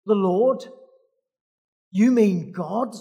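A frantic man clinging to a branch over a cliff, put on by a preacher telling a joke. His voice jumps well above normal speech into strained, pleading shouts. The delivery stays slow and drawn out. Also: high-pitched, voice pushed up, full character voice. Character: panicked man dangling from a cliff.

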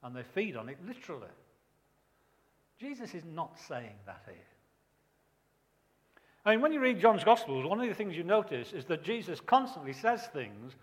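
Male preacher, higher voice, emphatic, rhetorical questions, long reverb of a church hall. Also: very animated, moderate pace, long pauses. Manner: emphatic, repeats key phrases, asks rhetorical questions. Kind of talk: sermon.

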